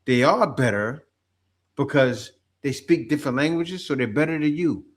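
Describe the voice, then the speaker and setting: A man's voice: medium pitch, normal speed. A man from the United States giving a repetitive, preachy reaction commentary, asking rhetorical questions. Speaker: commentary host.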